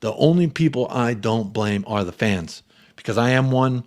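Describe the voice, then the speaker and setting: A young American man hosting a football fan live stream at a medium pitch. He reads viewers' comments aloud and shouts them out one by one, with an animated, chatty energy. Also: normal speed. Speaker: fan channel host. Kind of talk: live-stream chat reading.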